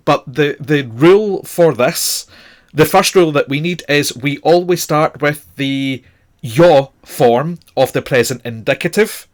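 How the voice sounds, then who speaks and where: A man teaching a Spanish grammar lesson, explaining patiently and checking in with "okay?" as he goes. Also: a little high. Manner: patient, repeats "okay?" often. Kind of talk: language lesson.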